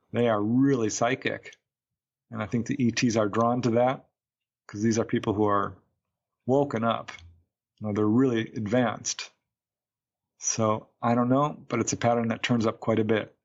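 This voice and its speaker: A man's voice: medium pitch, lo-fi sound. A man, a UFO researcher, recounting a case as a guest in a podcast interview, a chatty storyteller who acts out quotes.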